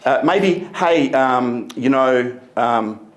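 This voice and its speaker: A man's voice: medium pitch, animated. A man voicing a nervous speaker who halts on every um and uh. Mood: halting. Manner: halting, full of ums and uhs. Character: nervous man stuck on filler words.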